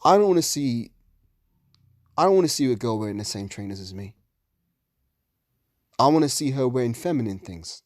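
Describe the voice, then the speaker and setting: A man's voice: mid-range voice, expressive, normal speed, long pauses, a little mellow, dry recording, studio quality. A man gives a heated religious commentary monologue, ranting and swearing often.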